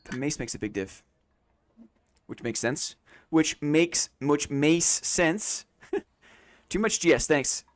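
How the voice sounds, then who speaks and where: A man's voice: fairly high pitch, very animated, slow, pauses often. A man chatting casually on a late-night game live stream, thinking aloud and repeating phrases to himself.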